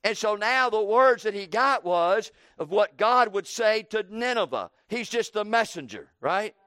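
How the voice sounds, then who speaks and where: High-voiced emphatic male preacher. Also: expressive, measured pace, pushed and bright, clean tone, no echo. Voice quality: emphatic, repetitive rhetorical questions. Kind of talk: evening sermon.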